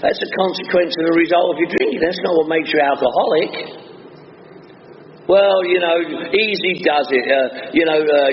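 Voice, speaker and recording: London man joking in a reverberant hall. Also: medium pitch. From northwest London, England. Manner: wisecracking storyteller, chatty with many asides. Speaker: recovery meeting speaker. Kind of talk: humorous recovery talk. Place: meeting hall before an audience. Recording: dull reverberant hall recording with faint hiss.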